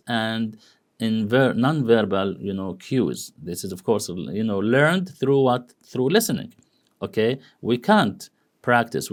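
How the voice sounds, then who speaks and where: A man giving a university lecture in English, rambling, full of "you know" and "okay" checks, swinging his pitch wide to act out example phrases. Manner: acts out intonation examples with big pitch swings. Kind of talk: classroom lecture.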